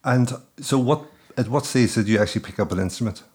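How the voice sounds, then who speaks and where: A man's voice: mid-range voice, fast, a little mellow, breathy edge. A man hosting an interview, asking short, curious follow-up questions. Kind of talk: conversational interview.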